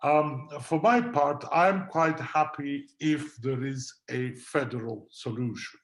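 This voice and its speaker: Measured man arguing on a webinar panel. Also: medium pitch. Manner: measured, argues point by point with frequent fillers. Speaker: guest lawyer on a panel. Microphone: video call.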